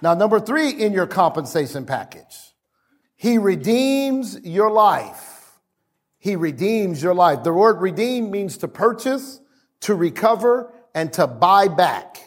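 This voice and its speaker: A man's voice: high-pitched, very animated, takes it slowly, breathy edge. A man preaching a sermon as pastor, repeating phrases and calling on the congregation to answer back.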